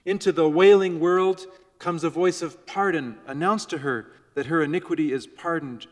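A man preaching a sermon to his congregation, measured and shifting between soft, gentle phrases and loud emphasis. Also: fairly high pitch, in a large hall. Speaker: pastor. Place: church before a congregation.

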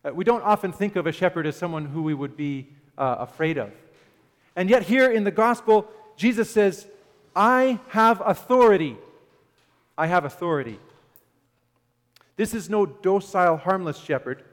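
A man's voice: sits high, moderate pace. A man preaching a sermon in a conversational way, often asking his listeners questions. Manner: conversational, asks the audience questions, some "uh" fillers. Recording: long hall reverb.

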